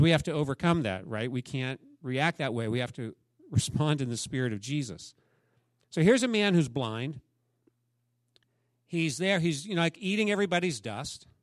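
Animated male pastor preaching, dry close sound. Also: a little high, no room sound. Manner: animated storytelling with asides to the congregation. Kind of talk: sermon.

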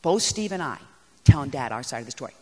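A woman giving a talk on parenting to an audience, animated, emphatic and poking fun at herself. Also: rumbling low, quick pace. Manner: animated and emphatic, self-mocking. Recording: echoey hall.

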